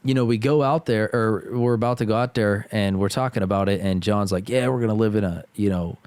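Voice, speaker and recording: A man's voice: lowish voice, brisk, darkish tone, smooth, no room sound. A man in his twenties, a podcast guest, telling a story in a laid-back, slangy way, peppering it with "bro". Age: 20s. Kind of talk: casual podcast chat.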